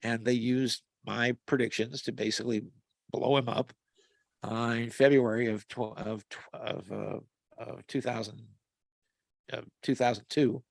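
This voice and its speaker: A man's voice: medium pitch, fairly even intonation, measured pace, gravelly, no echo. A man talking casually on a video call, rambling through long stories with many restarts and fillers. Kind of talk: casual conversational storytelling. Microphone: video call mic.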